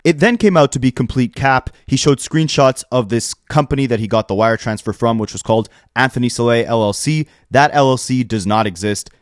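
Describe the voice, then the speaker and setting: A man with a mid-range voice delivers brisk, opinionated commentary with plenty of sarcasm. He is recorded on a close mic in a dry room with no echo. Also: mid-range voice. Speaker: rap commentary YouTuber. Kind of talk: scripted commentary.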